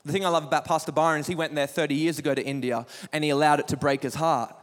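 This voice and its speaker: A young male youth pastor preaches with impassioned, repetitive rhetorical questions, his voice sitting high. Long reverb trails each phrase through the church hall. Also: steady tone, racing. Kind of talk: sermon. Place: church auditorium.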